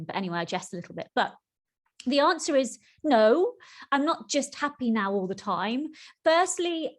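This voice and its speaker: A middle-aged woman hosting her own podcast as a spiritual coach, talking in an earnest, heartfelt way and lingering slowly over the words that matter to her. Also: on the high side. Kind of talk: solo podcast chat.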